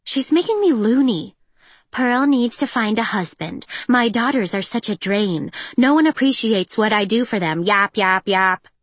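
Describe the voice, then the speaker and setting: A woman voicing an excitable, theatrical teenage girl who gushes and whines, in an audiobook. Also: a little high, unhurried, no room sound. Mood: gushing. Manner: gushing, whiny, theatrical. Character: excitable teenage girl, dramatic, bubbly stepsister.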